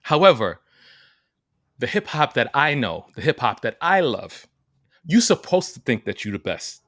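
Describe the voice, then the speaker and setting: A man co-hosting a casual podcast chat, animated and emphatic, laughing often. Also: medium pitch, measured pace, no echo, clean studio sound. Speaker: podcast co-host.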